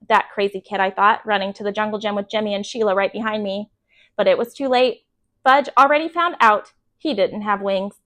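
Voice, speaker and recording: A woman reading a children's book aloud as a bedtime story, calm and clear. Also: mid-range voice, a little fast.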